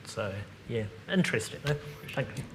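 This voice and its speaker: Kiwi man presenting a tech seminar, relaxed and chatty, light noise behind. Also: mid-range voice, moderate pace. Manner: casual, chatty, lots of ums. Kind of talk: live seminar Q&A.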